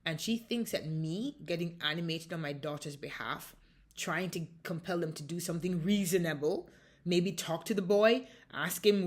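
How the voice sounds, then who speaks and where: Low-voiced woman, impassioned and halting. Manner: impassioned, halting with repeated restarts. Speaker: mother recounting a dispute. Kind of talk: emotional personal account.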